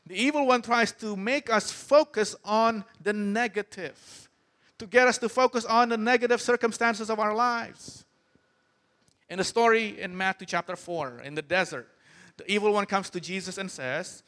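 A man's voice: high-pitched, moderate pace, a bit bright. A man preaching a sermon, emphatic and often turning to the congregation with questions. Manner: emphatic, asks the crowd questions.

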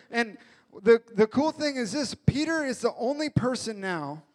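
A man with a strikingly high voice preaches in a relaxed, conversational way. He retells a story with humor and slips into quick acted-out voices as he goes. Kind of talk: casual storytelling sermon.

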